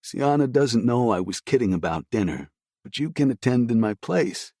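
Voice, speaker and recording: A man's voice: medium pitch, expressive, moderate pace, mellow, no echo, clean studio sound. A man voicing a casual, teasing male coworker in an audiobook.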